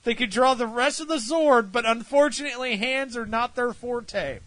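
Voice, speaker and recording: A man's voice: very high voice, normal speed, a bit bright, no echo. A man co-hosting a casual review podcast, making sardonic, profane wisecracks. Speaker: podcast co-host.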